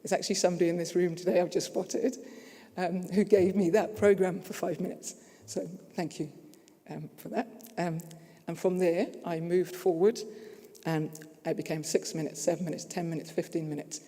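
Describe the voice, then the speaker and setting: Speaking in an echoey conference hall, a New Zealand-accented man delivers a sincere, story-driven talk. His high-pitched voice is warm and steady, at normal speed.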